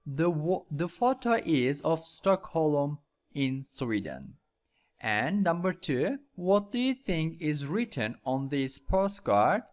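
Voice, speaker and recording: A man teaching English with a Vietnamese accent, going over vocabulary and repeating each word several times. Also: a little high. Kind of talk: slow classroom lesson with repetition.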